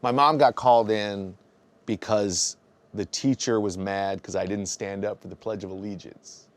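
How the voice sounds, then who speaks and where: A man's voice: lowish voice, fairly even intonation, normal speed, dry recording. Man telling a wry stand-up story.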